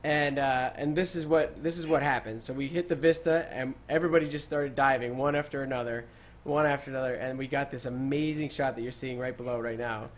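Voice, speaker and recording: A man's voice: mid-range voice, a little fast. A young man hosting a casual gaming podcast, telling stories with lots of fillers and bursts of laughter. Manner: laughing, excitable storytelling with many fillers. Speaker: podcast host.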